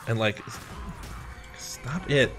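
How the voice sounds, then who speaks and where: A young man hosting a gaming channel, casually commenting on gameplay and telling a story, animated and swearing with lots of fillers. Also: mid-range voice, very slow, music in the background.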